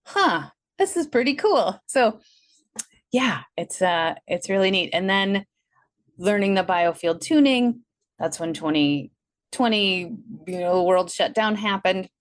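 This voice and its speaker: A woman with a Wisconsin accent speaks in a fairly low voice, talking as an interview guest over a video call. She is animated and jumps into a higher voice whenever she acts out her own past thoughts. The sound is dry and close. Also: a little slow, no echo. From Milwaukee, Wisconsin. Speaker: guest, energy healer. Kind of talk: casual interview storytelling.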